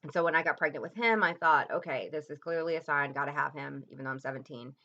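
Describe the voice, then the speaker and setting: A woman in her thirties tells a deeply personal story straight to camera in a home vlog. Her voice sits on the low side and she speaks haltingly, with frequent ums and restarts, going quiet and soft when the memories get hard. The audio is dull and lo-fi, like a home video. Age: 30s. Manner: voice drops low and soft at painful moments. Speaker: vlogger.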